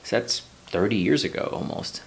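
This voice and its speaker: A man's voice: fairly low pitch, normal speed, gravelly. A man in his forties from New York City telling a personal story in a loose, rambling way, swearing casually and drifting into life lessons. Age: 40s. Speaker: vlogger.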